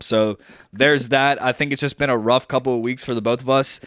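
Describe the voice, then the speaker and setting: A man's voice: medium pitch, steady tone, a little fast, fairly bright tone, no echo, clean studio sound. A young man co-hosting a podcast, chatting casually in a rambling, joking way with lots of fillers. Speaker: podcast co-host. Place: at home on a video call.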